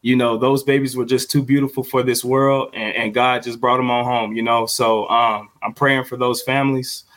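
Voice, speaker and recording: A young man co-hosting a podcast as a father, talking in a heartfelt, halting way with many fillers and repeated words. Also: mid-range voice, flat delivery, fairly bright tone. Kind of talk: heartfelt casual podcast talk.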